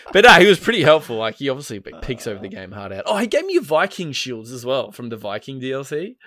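A man's voice: medium pitch, big pitch swings, fast talker, pushed and bright. A man chatting casually about a game, rambling, laughing and swearing, full of fillers. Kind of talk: casual gaming chat.

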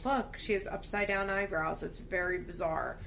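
A woman's voice: mid-range voice, fairly even intonation, moderate pace, gravelly, over a noisy crowd. Chatty young woman podcast co-host. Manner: chatty, lots of "like" fillers. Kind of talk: casual chat recapping a TV show.

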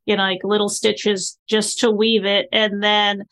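A woman's voice: medium pitch, flat delivery, a little slow, fairly bright tone. A woman hosting a casual podcast, chatty and emphatic, affirming her guest. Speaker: podcast host.

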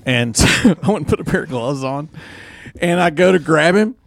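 A man's voice: a little high, moderate pace, vocal fry, no echo. Man with a dry close voice. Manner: storytelling, animated when excited, swears freely. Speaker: podcast co-host. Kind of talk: casual chat.

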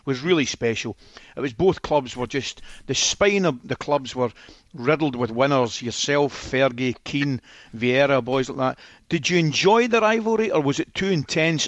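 A man's voice: medium pitch, dry recording. A man co-hosting a sports radio show, putting conversational questions to a guest. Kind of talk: interview question. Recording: dry muffled studio line.

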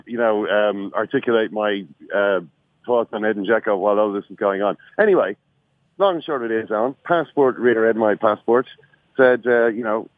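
A man's voice: lowish voice, brisk, no echo. An Irish man calls in from an airport and spins a rueful anecdote at his own expense. His voice comes through a thin, tinny phone line with no room around it. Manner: wry, self-mocking storyteller. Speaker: podcast regular calling in from an airport. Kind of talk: casual phone-in storytelling.

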